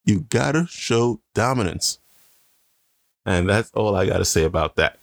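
A man's voice: fairly low pitch, expressive, unhurried, gravelly, dry recording, studio quality. A man co-hosting a casual chat, a father bragging in a playful, mock-serious way. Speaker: podcast co-host, father.

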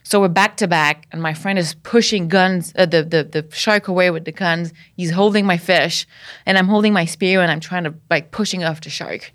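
A woman from Canada, a podcast guest, telling a story in a lively way, laughing often and acting out what people said. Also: on the low side, moderate pace. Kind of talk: casual storytelling.

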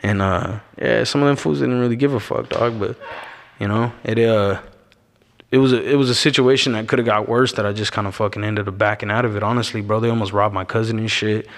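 A man's voice: lowish voice, fairly even intonation. Slangy man from Arizona, echoing room. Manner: slangy, laid-back, fills every pause with "bro" and "you know what I'm saying". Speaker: podcast guest. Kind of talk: casual storytelling. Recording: long echoing reverb.

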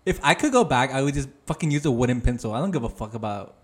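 A man co-hosting a podcast over a video call, rambling through jokey stories with plenty of swearing. His voice sits at an ordinary middle pitch for a man, and he talks in a loose, chatty way. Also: lively intonation, quick pace, husky. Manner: swears a lot, rambling storytelling. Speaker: podcast co-host. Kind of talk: casual comedic chat.

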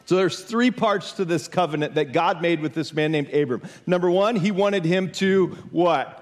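High-voiced man preaching a casual sermon. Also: expressive, normal speed, hardly any pauses. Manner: conversational, emphatic preaching with rhetorical questions. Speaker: pastor.

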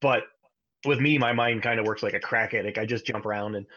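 A man in his thirties co-hosting a podcast, telling a family story in a casual, animated way, sometimes jumping high to imitate his child. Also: fairly quick, highs cut off. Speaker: podcast co-host.

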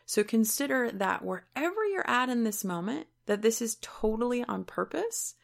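A woman's voice: on the high side, big pitch swings, normal speed, vocal fry. A woman speaking as a self-help coach, giving an encouraging motivational talk in a casual way, with the odd swear word.

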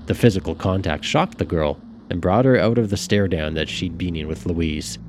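A man narrating a dark novel in a measured storytelling manner. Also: deep voice, a little hiss or hum. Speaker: audiobook narrator. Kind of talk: scripted narration.

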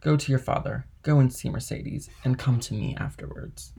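A man voicing a genial, fatherly ship owner with a gravelly voice. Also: medium pitch, normal speed, mellow. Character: kindly middle-aged male ship owner.

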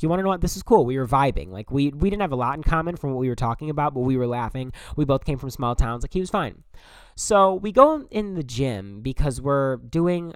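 Smooth-voiced young man ranting to camera. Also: mid-range voice, dry recording. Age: young adult. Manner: blunt, profane, animated storytelling. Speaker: vlogger. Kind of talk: casual storytelling to camera.

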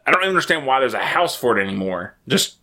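Lively bright-voiced man chatting casually. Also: medium pitch, quick pace. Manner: animated, jokey, acts out lines in loud voices. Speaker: podcast co-host. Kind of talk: casual movie chat. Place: house.

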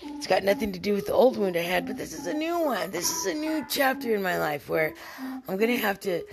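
A woman's voice: mid-range voice, big pitch swings, a little fast, vocal fry, music in the background. A tipsy woman podcaster rambling candidly through a casual personal monologue and swearing freely.

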